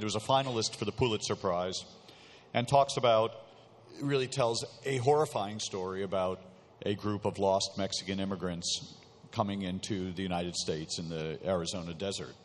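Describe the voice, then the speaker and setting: A man moderating a panel discussion, halting and full of fillers as he introduces guests and asks questions. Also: lowish voice, slight background noise. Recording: reverberant hall.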